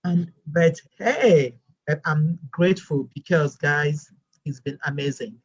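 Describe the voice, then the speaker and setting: A woman with a non-American English accent, telling her story as a guest teacher in a lively storytelling way. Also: sits low, slow, breathy edge, dull audio. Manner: animated storyteller, acts out quoted voices. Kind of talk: storytelling interview chat.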